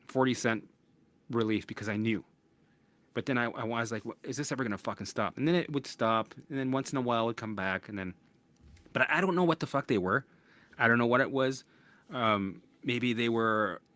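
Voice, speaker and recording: A man's voice: medium pitch, fairly bright tone, no room sound. Blunt, profane man telling his story. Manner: blunt and profane, acts out his own past thoughts; restless, with frequent restarts and "right?" asides. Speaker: podcast host. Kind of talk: candid personal storytelling.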